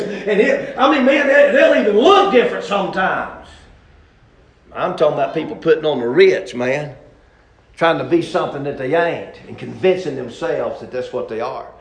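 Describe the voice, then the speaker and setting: A man's voice: high-pitched, normal speed. Folksy preacher man, echoey. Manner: folksy, rising to shouts. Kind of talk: sermon.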